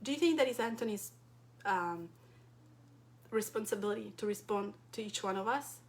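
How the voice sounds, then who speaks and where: With an expressive mid-range voice at a moderate pace, a wellness coach from Europe gives an impassioned direct-to-camera talk to her support group. Rhetorical questions fill her speech.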